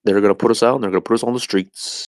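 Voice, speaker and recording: Man doing a mysterious adviser, slow, low voice, dry close sound. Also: fairly even intonation, darkish tone, dry recording, natural voice. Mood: advising. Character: smooth, mysterious older man giving advice.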